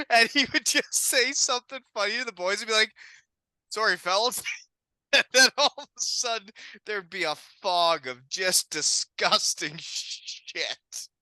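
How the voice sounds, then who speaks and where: A man with a very bright, fairly high voice laughs his way through old team stories as a podcast guest. The sound is dry and close, with no room echo. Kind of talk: casual chat, storytelling.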